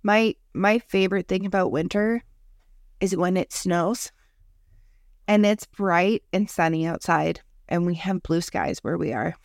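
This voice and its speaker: A woman's voice: on the low side, measured pace, vocal fry, dry recording, clean studio sound. A young woman co-hosting a podcast in casual chat, blunt and opinionated, swearing casually. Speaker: podcast co-host.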